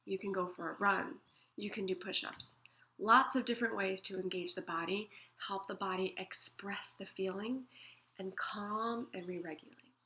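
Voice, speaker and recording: Bright-voiced woman giving gentle self-help guidance. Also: mid-range voice, fairly even intonation, normal speed. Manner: gentle, soothing, acts out feelings in quoted asides. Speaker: emotional wellness teacher. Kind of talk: guided self-help talk.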